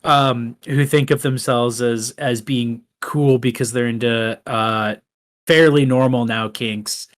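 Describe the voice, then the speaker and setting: A man's voice: medium pitch, steady tone, takes it slowly. Rambling man chatting about films. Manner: rambling, frequent fillers and restarts. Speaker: film podcast co-host. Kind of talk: casual film discussion.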